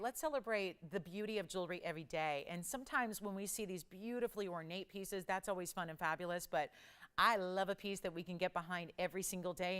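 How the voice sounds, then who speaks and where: Tv shopping host lady, smooth clear voice, gushing and pushy about jewelry. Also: medium pitch, a bit bright. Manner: enthusiastic, urgent, gushing. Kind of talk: live TV sales pitch.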